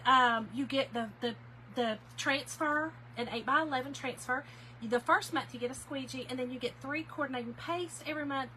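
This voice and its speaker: A woman's voice: high-pitched, sharp tone, a little hiss or hum, low-quality recording. A chatty, effusive woman, hosting a casual live sale stream and thanking viewers by name. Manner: gets emotional and laughs easily. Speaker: host of a live craft-supply sale. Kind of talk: casual livestream chat.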